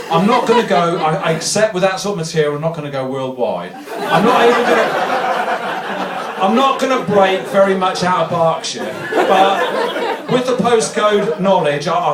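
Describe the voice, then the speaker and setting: A man from Reading doing stand-up in a comedy club, rambling through self-deprecating digressions with a deadpan touch, recorded from a distance. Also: a little high. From Reading, England. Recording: echoey club recording from far off, audience laughter.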